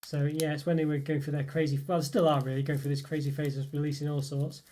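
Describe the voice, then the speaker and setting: A man's voice: a little high, flat delivery, quick pace, dark tone. A man hosting a live stream, chatting in a rambling way and reading out viewer comments with lots of fillers and chuckles. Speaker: live stream host reviewing chocolate.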